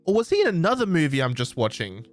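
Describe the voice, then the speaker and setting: Excitable Australian man chatting. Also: a little high, fast talker, soft background music. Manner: excitable, rambling, forgets names mid-sentence. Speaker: podcast host. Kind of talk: casual chat. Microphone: desk microphone.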